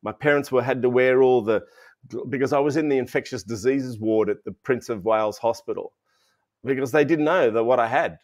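A man's voice: medium pitch, brisk, darkish tone. A man in his fifties with an Australian accent, a guest in a casual interview, telling a personal story in a rambling way full of restarts and fillers. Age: 50s.

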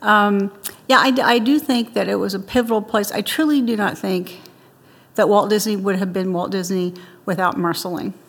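A woman's voice: medium pitch, fairly even intonation, normal speed, in a large hall. An older woman being interviewed, telling childhood stories in a chatty way and laughing often. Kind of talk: interview storytelling.

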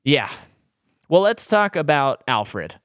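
A man's voice: a little high, big pitch swings, takes it slowly, fairly bright tone, no room sound, clean studio sound. A man co-hosting a podcast, chatting casually about a movie with blunt opinions and frequent laughs. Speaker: podcast co-host. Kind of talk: casual movie review chat.

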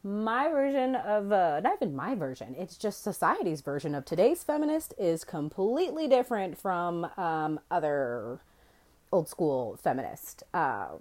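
A young woman hosting her own podcast, ranting brashly and swearing freely as she tells stories. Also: deep voice. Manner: brash, profane, animated storytelling. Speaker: podcast host. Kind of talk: solo podcast rant.

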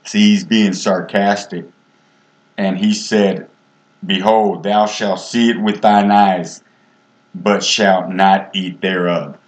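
A man's voice: deep voice, little pitch movement, slow pace, reverberant. A man teaching a casual Bible study, reading scripture aloud and then retelling it in plain everyday speech.

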